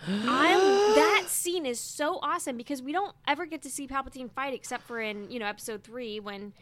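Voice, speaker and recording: A woman's voice: sits high, brisk, a bit bright, slight background noise. A woman hosting a fan podcast, gushing as she recaps an episode in casual chat. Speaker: podcast host.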